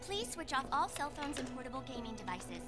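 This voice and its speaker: A woman's voice: high voice, sing-song, a little fast. An actress voicing a cheerful, friendly young girl engineer in a video game. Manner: bright, friendly. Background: loud game music.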